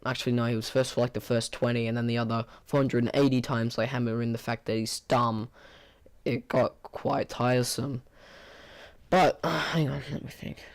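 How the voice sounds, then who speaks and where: Hoarse, tired man rambling through a review. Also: medium pitch, moderate pace. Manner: rambling, full of fillers and restarts; flat, bored-sounding delivery. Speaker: movie reviewer. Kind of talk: casual spoken movie review.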